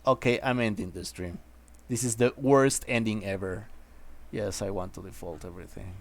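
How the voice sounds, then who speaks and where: A man's voice: on the low side, normal speed. A man streaming a video game, talking to himself and his chat in a frustrated, repetitive way. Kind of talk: casual live gameplay commentary.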